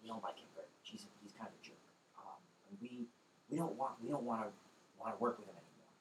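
A man voicing a wary female goblin matriarch in whispered role-play, hesitant and hushed. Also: fairly low pitch, big pitch swings, quick pace, creaky, far from the mic, a little hiss or hum, poor audio. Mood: nervous hushed.

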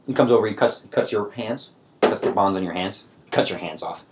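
A man's voice: fairly low pitch, brisk, heavy background noise. A man narrating as game master for a tabletop game, talking in a loose, rambling way. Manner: loose and rambling, many fillers and restarts.

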